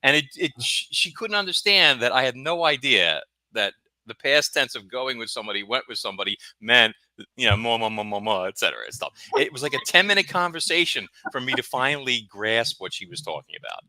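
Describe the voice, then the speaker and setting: A man's voice: mid-range voice, lively intonation, brisk, pushed and bright, no echo, rough recording. A man with a Brooklyn accent, a guest author chatting and telling stories animatedly, often stammering and repeating words. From Brooklyn, New York. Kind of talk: casual storytelling chat.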